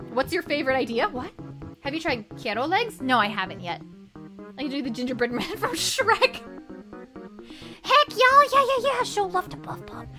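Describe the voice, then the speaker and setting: A young woman streamer chatting casually and reading chat aloud, bubbly, with lots of quick repeated yeahs. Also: sits high. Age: young adult. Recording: stream with music playing behind.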